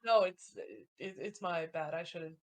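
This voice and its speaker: A woman's voice: on the low side, lively intonation. A woman playing a bashful young man. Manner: bashful, halting. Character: shy awkward young man.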